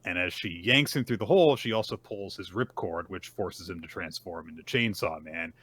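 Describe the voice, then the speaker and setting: A man's voice: low-pitched, normal speed, slight background noise. A man co-hosting a casual podcast, recapping manga chapters and acting out quotes. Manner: animated, acts out character quotes. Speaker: podcast co-host.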